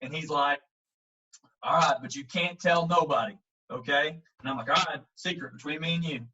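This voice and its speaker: A man, a baseball coach, tells a story with a bright, forceful voice, acting out the quotes as he goes. His voice sits a bit high for a man. He's set back from the mic, and the audio sounds a little dull. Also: moderate pace, far from the mic. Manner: animated, acts out quotes, frequent fillers. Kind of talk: casual storytelling in an interview.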